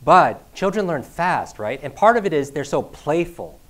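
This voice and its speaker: Energetic man leading a motivational seminar. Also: fairly high pitch, moderate pace. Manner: energetic, repeats key phrases, keeps asking "right?". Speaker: learning coach giving a seminar. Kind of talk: motivational live talk. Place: event room with a live audience.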